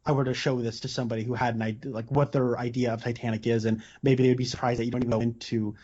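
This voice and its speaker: Brief: male co-host, mid-pitched, casual, full of fillers, lo-fi dull sound. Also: little pitch movement, racing, mellow. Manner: filler-heavy, many "like"s. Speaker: podcast co-host. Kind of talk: casual movie discussion. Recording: lo-fi audio.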